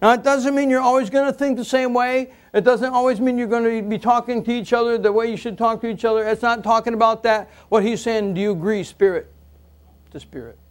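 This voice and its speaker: A man preaching a sermon, asking the congregation questions and moving between loud exclamations and quiet asides. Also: very high voice, fairly even intonation, brisk, clean tone. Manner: asks the congregation rhetorical questions.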